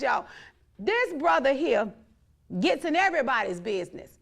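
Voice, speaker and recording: Defiant, high-voiced woman host. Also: very animated, moderate pace, vocal fry, fairly bright tone. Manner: blunt, defiant, repetitive emphatic declarations. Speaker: elected official hosting her own show. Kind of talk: outspoken monologue to viewers.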